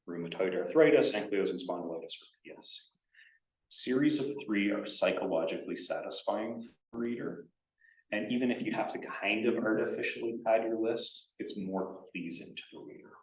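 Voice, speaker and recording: A man giving a conference writing workshop in a casual, animated way, acting out example sentences. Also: lowish voice. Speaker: workshop presenter. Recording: echoey room, distant from mic.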